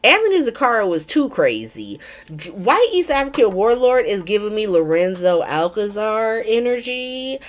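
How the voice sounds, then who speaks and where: A woman's voice: medium pitch, sing-song, moderate pace. A woman hosting a casual recap vlog, talking in a chatty, irreverent way with frequent swearing and ums. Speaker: soap opera recap vlogger.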